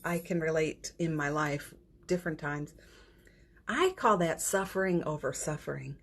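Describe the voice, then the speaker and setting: A middle-aged woman, an energy healer, giving a gentle and affectionate spiritual pep talk on a morning livestream, greeting viewers by name and laughing often. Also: lowish voice, animated, normal speed. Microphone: phone or computer mic for a livestream.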